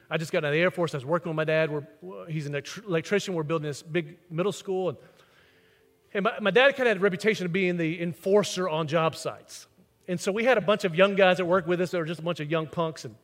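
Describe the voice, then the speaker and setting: A man preaches a sermon, mixing scripture with stories and acting out quoted voices. His voice sits high for a man. The sound carries the long reverb of a large hall. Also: a bit bright. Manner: storytelling, acts out quoted voices. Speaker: pastor.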